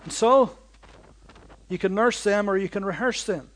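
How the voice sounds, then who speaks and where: A man preaching a sermon, swinging from loud bursts to slow, hushed lines and driving points home with rhythmic repetition. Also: sits high.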